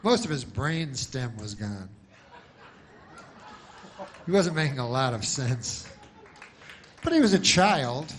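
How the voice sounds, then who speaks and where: Rambling deadpan male comedian. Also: medium pitch, a little hiss or hum. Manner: meandering, halting, full of fillers and dry asides. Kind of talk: rambling deadpan stand-up storytelling.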